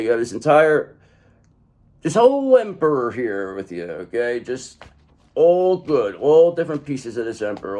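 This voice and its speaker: A man's voice: medium pitch, darkish tone. A man giving a tarot reading to the viewer, speaking emphatically and tagging nearly every point with "okay?". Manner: emphatic, keeps adding "okay?" after each point. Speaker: tarot reader.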